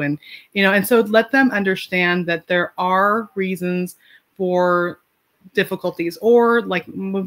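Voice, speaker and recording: A woman in her forties, a parent, offers casual advice in a medium-pitched, fairly bright voice. She chats freely with lots of fillers and restarts, laughing lightly mid-sentence.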